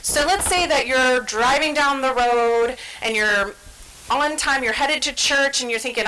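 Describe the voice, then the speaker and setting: Her voice fairly high and sharp, a woman trainer presents on stress and the brain at a moderate pace. She explains conversationally, dramatizes everyday scenes with quoted inner voices, and asks "right?" to check in. The recording is low quality, with a little hiss or hum.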